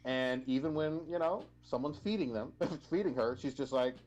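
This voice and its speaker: A man's voice: medium pitch, moderate pace, a little mellow, lo-fi sound. A man co-hosting a livestream, chatting casually about anime, often restarting his sentences and swearing. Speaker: livestream co-host.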